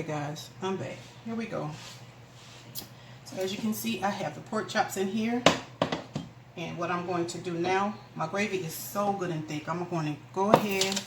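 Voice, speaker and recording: A woman giving a casual home cooking demonstration, chatting homily to her viewers in her kitchen. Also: mid-range voice. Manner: homey, chatty, addresses viewers as "y'all". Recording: echoey kitchen with background noise.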